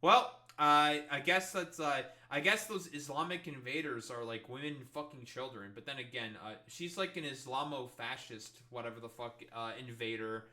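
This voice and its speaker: A man's voice: mid-range voice, normal speed, few pauses, sharp tone. A young man streaming live commentary, swearing a lot and sounding sarcastic and incredulous. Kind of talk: livestream reaction commentary.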